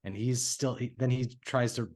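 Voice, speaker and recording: A man's voice: medium pitch, steady tone, moderate pace, darkish tone. A man co-hosting a casual film podcast, rambling and joking, often restarting his sentences. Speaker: podcast co-host. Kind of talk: casual movie discussion.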